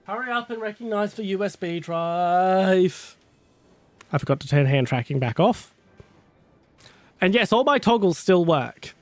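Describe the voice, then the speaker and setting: A man's voice: high voice, animated, measured pace, long pauses, no echo, soft background music. A man streaming live who chats casually, laughs often and swears freely as he talks to viewers. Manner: giggly and chatty, swears casually.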